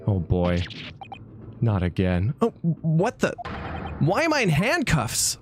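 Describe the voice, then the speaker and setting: A man's voice: on the high side, huge pitch swings, slow, music in the background, voice pushed up, heavily acted. A man voicing a flustered young male student in a game, startled and stammering.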